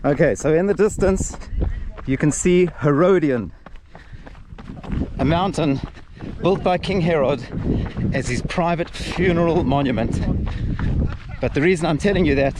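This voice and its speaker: Slow-talking upbeat male trail guide outdoors. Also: on the high side, noisy background. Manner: upbeat, joking, explains landmarks. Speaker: trail running tour guide. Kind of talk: outdoor vlog commentary. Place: outdoors on desert hills.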